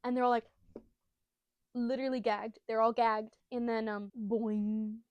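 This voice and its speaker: A woman's voice: fairly high pitch, little pitch movement, normal speed, smooth, no room sound, dull audio. A woman giving a casual, giggly and profane retelling of a comic chapter. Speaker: storyteller.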